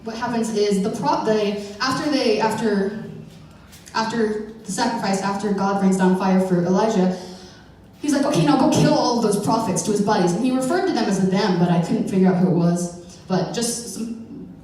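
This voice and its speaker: A woman's voice: mid-range voice, normal speed, dark tone. A young woman giving an informal church message, chatty and playful, with lots of fillers and self-corrections. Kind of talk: informal sermon. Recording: echoey hall from far off.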